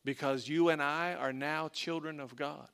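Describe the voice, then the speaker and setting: A man preaching a sermon as a pastor, emphatic, repeating lines and dropping to a hush for weight. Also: a little high, fairly even intonation, moderate pace, clear, resonant tone.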